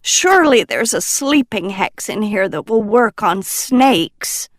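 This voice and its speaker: A woman putting on a shrill, flustered old professor. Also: animated, dry recording, studio quality. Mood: frantic. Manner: shrill, exasperated, hurried.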